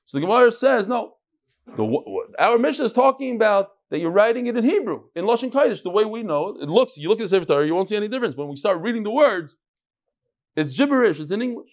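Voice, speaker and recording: A man teaching a Talmud class, asking and answering his own questions in an animated, rhetorical way. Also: high-pitched, quick pace.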